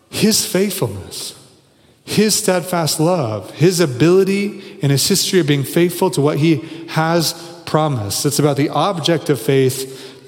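A man in his forties preaching a sermon, earnest and building to emphatic, repeated phrases. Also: medium pitch. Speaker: pastor. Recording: long reverb of a large hall.

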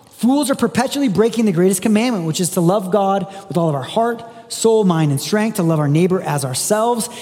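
High-voiced man preaching in a reverberant hall. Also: darkish tone. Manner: conversational preaching, reads scripture aloud with emphasis. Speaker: pastor. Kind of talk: sermon.

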